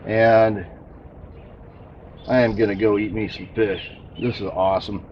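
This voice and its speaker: A man's voice: on the low side, a little slow, lo-fi sound, a little hiss or hum. A man hosting a casual outdoor cooking vlog, tasting and chatting while he eats. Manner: relaxed, eating while talking. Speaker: channel host.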